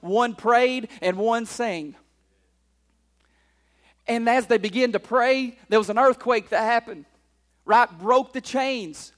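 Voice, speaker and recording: A pastor preaching a sermon in a church, drawing call-and-response from the congregation and swinging between loud declarations and quiet asides. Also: male voice, very high voice, slow, long pauses, big-room sound. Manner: call-and-response preaching, frequent "right?" and "amen?".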